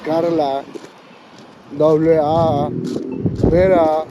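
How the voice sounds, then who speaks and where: A man's voice: a little high, flat delivery, slow, muffled recording, noisy background. A man rambling through a joking, profane monologue while out on a walk, dropping Spanish slang into his talk. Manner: joking, rambling, swears freely. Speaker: vlogger. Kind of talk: casual comic monologue. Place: outdoors on a walk.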